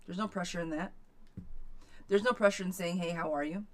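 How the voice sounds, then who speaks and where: A woman with a slightly low voice reads tarot live for her viewers. She is blunt and salty-mouthed yet affectionate, calling people lovey and girlfriend, and she hammers her points home by repeating them. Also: fairly quick. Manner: emphatic, repeats phrases for punch. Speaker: tarot reader. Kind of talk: live-streamed tarot reading.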